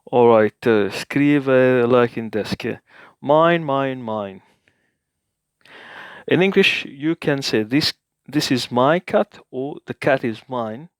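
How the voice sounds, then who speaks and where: A man hosting a casual spoken language lesson, thinking aloud with many filler sounds and repeating words slowly for the listener. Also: medium pitch, lively intonation, no echo, clean studio sound. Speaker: language-learning video host.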